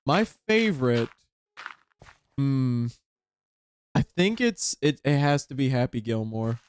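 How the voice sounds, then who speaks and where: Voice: medium pitch, slow pace, a little mellow. Streamer, casual gaming chat, rambling, self-mocking, faint hiss, mouse clicks.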